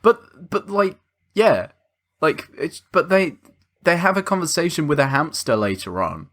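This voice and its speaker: Lively bright-voiced man riffing on a film. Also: a little high. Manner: animated, jokey, quick to laugh. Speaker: podcast co-host. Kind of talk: casual film review chat.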